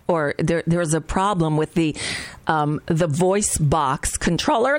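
A woman hosting casual political commentary, sarcastic and halting, with many restarts as she reacts to clips. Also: low voice, no room sound.

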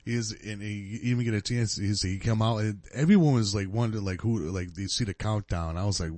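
A man's voice: on the low side, a little fast, few pauses, darkish tone, no echo. A man co-hosting a podcast, telling long, rambling stories in casual chat and correcting himself as he goes. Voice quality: rambling, self-correcting storyteller. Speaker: podcast co-host.

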